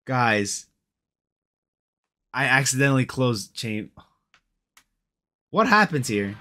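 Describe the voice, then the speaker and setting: A man's voice: mid-range voice, animated, a little slow, pauses often, bright, forceful tone, faint music behind. A young man giving casual, slangy commentary on a mobile game, frustrated and peppering his talk with bro and dude.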